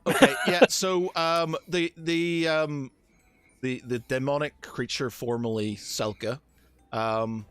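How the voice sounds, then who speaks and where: Slow, bright-voiced man running the game. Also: mid-range voice, fairly even intonation, soft background music. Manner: halting, many ums, laughing easily. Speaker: game master.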